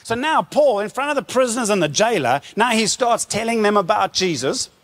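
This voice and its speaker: A man preaching a sermon, retelling a story with lively energy and acting out the quoted lines. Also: sits high, a little fast. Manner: animated storytelling with acted-out quotes. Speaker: pastor.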